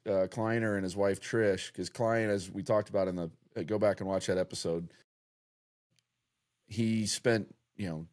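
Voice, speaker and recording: Co-hosting a podcast, this man chats casually and rambles, restarting his sentences often. His pitch is fairly low and his intonation fairly even, with a moderate pace and a slightly mellow quality.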